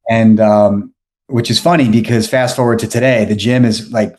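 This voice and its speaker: A man's voice: lowish voice, fairly even intonation, moderate pace, a little mellow. A man, telling a story on a podcast as the guest, rambling with many restarts and fillers. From New York. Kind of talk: casual storytelling.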